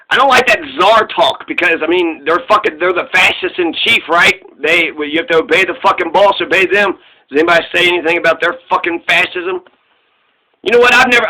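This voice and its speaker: A man's voice: high-pitched, pushed and bright, poor audio. A man giving a casual political commentary rant, sarcastic and profane, mocking what he talks about.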